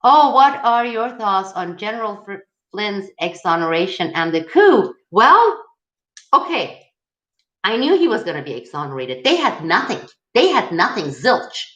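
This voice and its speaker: With big pitch swings and a medium-pitched, fairly bright voice, she speaks a little slowly while fielding viewer questions on her political video channel. Her delivery is emphatic and rousing, and the lo-fi recording has a roomy sound.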